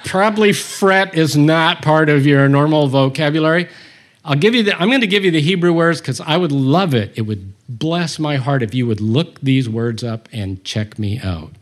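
Man, Bible study teacher, slow pace, reads scripture, humorous asides. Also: fairly high pitch.

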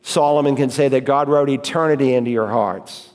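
A man's voice: medium pitch, a little mellow. Preaching man in a reverberant hall. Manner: emphatic preaching, scripture quotes read slowly. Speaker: pastor. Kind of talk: sermon. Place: church sanctuary. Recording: long reverb of a church hall.

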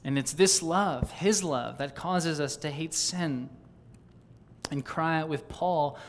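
A man's voice: on the high side, slow. A man preaching a sermon, reading old diary passages aloud and building fervent, rhythmic lists. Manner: fervent, rising on exclamations and lists.

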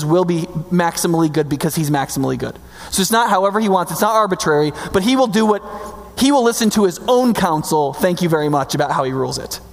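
Gravelly high-voiced male preacher. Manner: emphatic, conversational, slows for key words. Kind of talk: sermon. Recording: long reverb hall.

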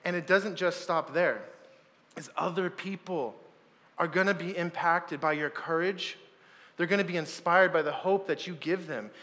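Bright-voiced man preaching in a hall. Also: a little high, moderate pace. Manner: casual, storytelling, animated with loud outbursts. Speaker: pastor. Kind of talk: sermon with personal story.

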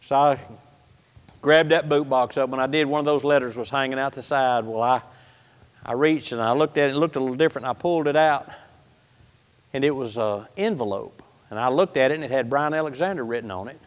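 A man preaching a sermon through a personal story, folksy and animated, moving between loud outbursts and hushed lines. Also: mid-range voice, a little fast. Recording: hall reverb.

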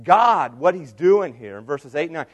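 A man pastor preaching a sermon, animated and swinging from loud emphatic lines to hushed ones. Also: fairly high pitch, normal speed.

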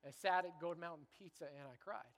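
High, bright-voiced preacher man. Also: a little fast, in a large hall. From Canada. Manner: builds from quiet reflection to loud, rousing repetition. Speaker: pastor. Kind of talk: sermon.

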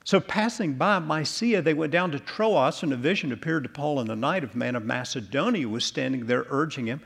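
A male pastor delivering an earnest sermon in a church, closing in soft prayer. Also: a little high, fairly quick, gravelly, breathy edge.

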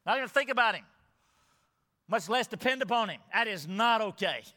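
A man's voice: sits high, animated, fairly quick, pushed and bright, in a large hall. A male pastor preaching a sermon, emphatic, repeating parallel phrases for stress.

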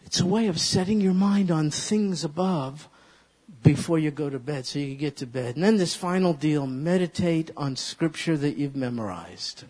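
A man preaching a sermon as a pastor, animated and leading his listeners in repeating a verse aloud. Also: fairly high pitch, moderate pace, slightly rough. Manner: animated, leads congregation in call-and-response recitation. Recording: long reverb of a large hall.

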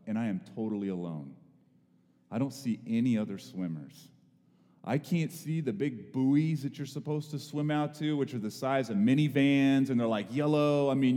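A man preaching a sermon, telling a personal story in a lively, dramatic storyteller's way, with bursts of raised, excited voice. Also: medium pitch, long reverb tail. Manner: storytelling, animated, rising to excited exclamations. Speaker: pastor.

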